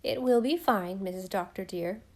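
A woman voicing a devoted, practical older housekeeper who speaks briskly and earnestly. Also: mid-range voice, natural voice.

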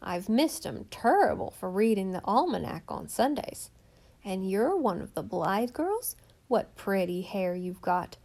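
A woman voicing a chatty, lonely old countrywoman who is hoarse from a cold and rambles in folksy, rustic speech. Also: medium pitch, big pitch swings, measured pace, darkish tone. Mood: folksy chatter. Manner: rambling homespun talk with rustic grammar.

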